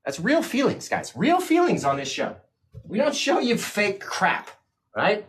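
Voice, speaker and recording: Man, painting instructor, livestream, animated, husky, chatty, sniffly. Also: high-pitched, a little slow. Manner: excited, talks to chat while painting. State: teary, sniffling. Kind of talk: live-streamed painting lesson.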